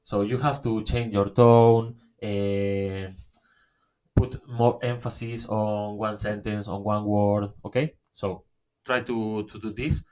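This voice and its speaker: Slow-talking man giving a webinar. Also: fairly low pitch, steady tone, darkish tone, clean tone. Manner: halting, many fillers and restarts, says "okay?" often. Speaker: webinar presenter. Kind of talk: online workshop talk.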